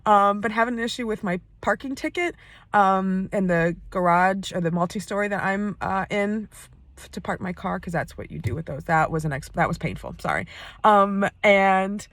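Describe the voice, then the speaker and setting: A woman's voice: mid-range voice, normal speed, a bit bright, dry recording. Candid American woman vlogging from her car. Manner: chatty, rambling, candid. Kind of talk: candid personal vlog. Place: inside a parked car.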